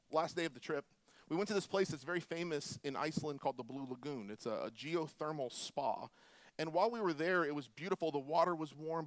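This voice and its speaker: Male pastor, 40s, from Florida; slightly high, storytelling sermon, dry mic. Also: no echo. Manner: animated, humorous storytelling with quiet prayer.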